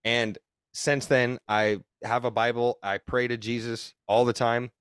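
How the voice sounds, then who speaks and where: A man's voice: mid-range voice, flat delivery, measured pace, a bit bright, clean tone, no echo. Young man, podcast guest, rambling and profane, dry close sound. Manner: rambling, profane, emphatic retelling. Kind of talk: casual podcast storytelling.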